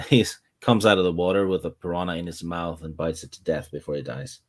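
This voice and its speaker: A man co-hosting a casual chat, with a very deep, low voice. He talks hesitantly, filling pauses with "uh" and repeating words as he goes.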